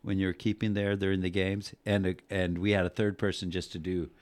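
Podcast co-host, very low voice, dry close mic, rambling storyteller, curses casually. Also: male voice, a little fast, dry recording. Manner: rambling storyteller, swears, animated when recounting yelling. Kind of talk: casual sports podcast chat.

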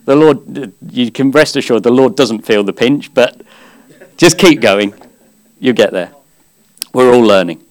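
A male preacher delivers a sermon in an earnest, conversational way. His pitch sits in an ordinary middle range, and he lightens the message with gentle humor. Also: a little slow, pauses often. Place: church service.

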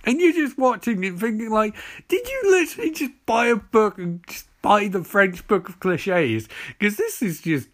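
A man's voice: high voice, big pitch swings, normal speed, fairly bright tone. A man ranting through a sarcastic, profane recap of a TV show. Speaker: TV reviewer.

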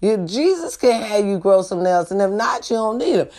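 A woman's voice: mid-range voice, big pitch swings, normal speed, darkish tone. A woman vlogger ranting to her viewers in a blunt, profane way, often asking if they understand her. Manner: blunt, profane, keeps asking the audience for agreement. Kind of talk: casual rant to viewers.

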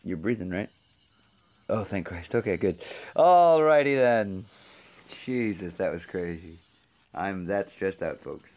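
A man's voice: low-pitched, animated, a little slow, long pauses, darkish tone, muffled recording. A man hosting his own show in a casual, rambling monologue, swearing freely and joking sarcastically. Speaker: podcast host.

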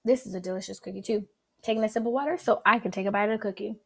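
A woman's voice: medium pitch, rapid-fire, vocal fry, husky. A woman with a Southern accent hosting a casual solo food-review podcast, chatty and full of "like" and "um," humming as she tastes. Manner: chatty, many fillers and likes; animated, savoring with hums. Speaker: podcast host.

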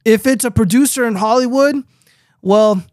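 Young male stream host, high voice, dry close sound, rambling and profane, reads chat aloud. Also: normal speed, darkish tone, dry recording. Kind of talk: casual livestream chat.

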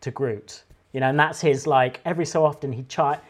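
Rambling, excitable man pitching ideas. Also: brisk. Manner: rambling, enthusiastic, full of fillers and restarts. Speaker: podcast co-host. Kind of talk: casual chat pitching a game idea.

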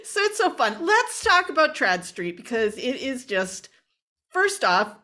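A woman's voice: high-pitched, sing-song, measured pace, pushed and bright. A woman hosting an interview, enthusiastic and gushing, laughing often. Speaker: interview host. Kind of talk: casual interview chat.

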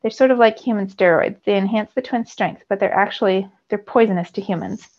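A woman reading aloud voices a calm, knowing teen girl who explains things patiently, on a slightly dull recording. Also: medium pitch, fairly quick, lightly acted.

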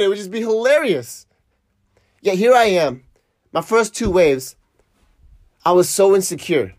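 A man's voice: high voice, lively intonation, unhurried, pauses often, no echo, studio quality. A man telling a story casually, swearing and laughing as he reflects on a mishap while surfing. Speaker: surf vlogger.

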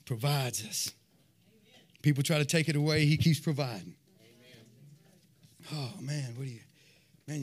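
A man giving a fervent sermon and personal testimony, telling his story in an animated way and peppering it with "man.". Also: mid-range voice. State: sweating, winded after worship. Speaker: lay preacher giving testimony.

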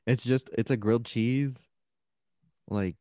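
A man's voice: mid-range voice, steady tone, slow pace, mellow, no echo, studio quality. A young man in a casual podcast chat, joking and swearing freely. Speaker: podcast co-host.

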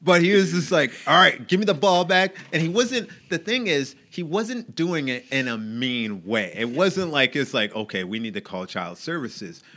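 Guy with a bright, punchy voice telling stories on a podcast, does all the voices, middle pitch. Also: normal speed, hardly any pauses. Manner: animated storyteller acting out quoted voices. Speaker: guest. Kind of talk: casual podcast conversation.

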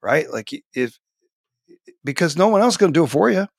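A man's voice: fairly high pitch, sing-song, fairly quick, vocal fry, slightly rough, no echo, studio quality. A man in his forties, a teacher and author, talking animatedly as a podcast guest, full of fillers and restarts. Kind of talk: casual conversational interview. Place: home office.

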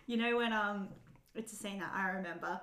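A woman's voice: mid-range voice, fairly quick, fairly bright tone. A woman co-hosting in casual, chatty recap talk, laughing often and acting out quotes. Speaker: podcast co-host. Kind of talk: casual chat recapping a film. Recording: echoey room.

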